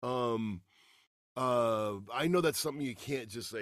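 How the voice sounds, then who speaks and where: A middle-aged man and voice actor chatting as an interview guest, lively and prone to acting out quotes. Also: mid-range voice, a little slow, dry recording, studio quality. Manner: animated, slips into voices and shouts for quotes. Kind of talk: casual interview chat.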